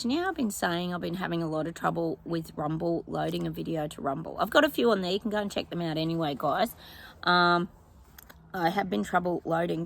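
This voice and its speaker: A woman's voice: on the low side, vocal fry, slight background noise, poor audio. An Australian woman vlogging outdoors in her yard, casually chatting with her viewers as a psychic, rambling and calling them "guys".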